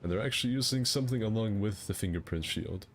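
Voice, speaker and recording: A man's voice: lowish voice, quick pace, a little hiss or hum. A young man hosting a casual gaming stream, rambling through crude jokes and banter. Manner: rambling, crude joking banter with frequent laughs. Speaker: streamer hosting a game fight night.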